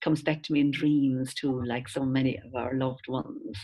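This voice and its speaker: An older Irish woman teaching informally to an online audience, lively and quick to laugh, calling her listeners lads. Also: a bass voice. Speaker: teacher and singer of chants. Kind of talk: warm informal online talk.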